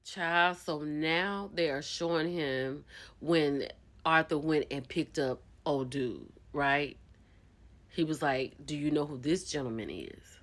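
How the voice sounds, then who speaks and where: A woman recapping a reality show in a gossipy, expressive way, acting out the people she quotes. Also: sits low, takes it slowly. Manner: gossipy and expressive, acts out quotes, bursts into laughter. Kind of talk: animated casual recap.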